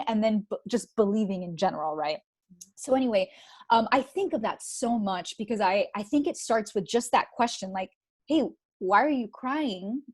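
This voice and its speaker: Animated woman guest, chatty storyteller. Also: on the high side. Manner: animated storytelling, many likes and you-knows. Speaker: guest, author. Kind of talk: conversational interview.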